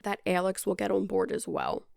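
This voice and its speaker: A woman's voice: medium pitch, huge pitch swings, moderate pace, gravelly, darkish tone, dry recording, clean studio sound, heavily acted. A woman quoting a devoted middle-aged aunt in a near-ordinary voice. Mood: earnest.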